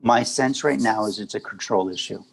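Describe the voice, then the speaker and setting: A man speaking as a guest at a spiritual gathering, answering questions in a calm, reassuring way. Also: lowish voice, normal speed, creaky, slight background noise, rough recording. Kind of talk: conversational storytelling.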